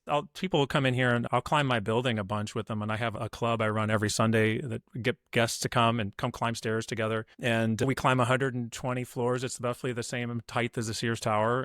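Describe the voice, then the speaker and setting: A man's voice: mid-range voice, level tone, fairly quick, hardly any pauses, fairly bright tone, dry recording, studio quality. A man speaking as a podcast guest in an upbeat, motivational way, acting out what people say. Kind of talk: conversational interview.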